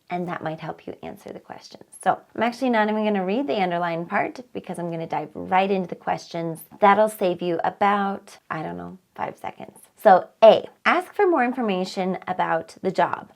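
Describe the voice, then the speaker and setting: Low gravelly woman teaching test prep. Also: darkish tone. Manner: reads passages aloud and talks through answers, asks "right?". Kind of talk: explaining test questions.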